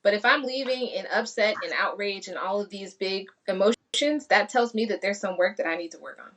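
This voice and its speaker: A woman in casual podcast chat who speaks in a measured, reflective way. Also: medium pitch, a bit bright, distant mic.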